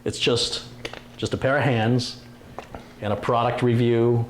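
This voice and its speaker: A man's voice: mid-range voice, level tone, a little slow. A man hosting a live stream, chatting casually, joking and reading viewer comments aloud. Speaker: livestream host. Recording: roomy echo, faint room noise.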